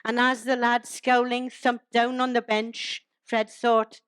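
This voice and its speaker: Brief: older woman performing comic verse, chatty and teasing, fairly high voice, dry close sound. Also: level tone, takes it slowly, few pauses, a bit bright, smooth, no room sound. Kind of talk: humorous poetry recital to a live audience.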